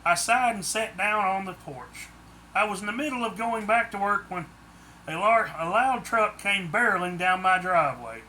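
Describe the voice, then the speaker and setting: A man narrates his own book as a plain first-person audiobook, telling the story steadily and without embellishment. His high voice is very bright with a sharp edge, at normal speed, with slight background noise.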